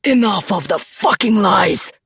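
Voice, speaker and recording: An actor playing a menacing, cold mafia boss in a dark romance audiobook, slow and threatening with sudden shouts. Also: male voice, medium pitch, animated, no room sound, studio quality, heavily acted. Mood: raging. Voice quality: gravelly, raspy.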